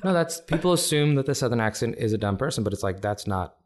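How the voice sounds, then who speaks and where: A man from Africa, a stand-up comedian, talking casually as a guest, animated and laughing often, with many restarts. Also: medium pitch, quick pace. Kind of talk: casual conversation.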